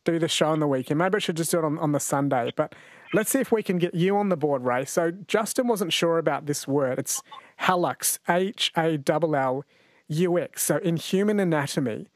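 A man hosting a radio quiz, talking in a chatty, jokey way. His voice sits a little high, and the close studio mic sounds dry. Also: moderate pace, dry recording. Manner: chatty, jokey, laughs easily. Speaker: radio host. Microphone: studio microphone.

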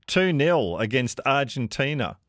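A man's voice: medium pitch, sing-song, measured pace, no room sound, studio quality. An Australian man hosting a radio chat show, reading listener messages and talking with a guest in a conversational way. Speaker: radio host.

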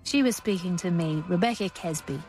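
A woman's voice: lowish voice, darkish tone, faint music behind. Composed woman presenting a radio documentary. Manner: measured and composed. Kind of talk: scripted radio documentary narration.

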